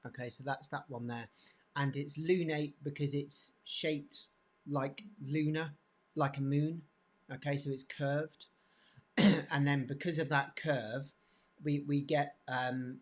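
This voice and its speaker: A man teaching hand anatomy off the cuff, pointing to bones, with many restarts and frequent throat clearing. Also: on the high side. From England. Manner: halting, repeats words, frequent throat clearing. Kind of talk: unscripted teaching demonstration.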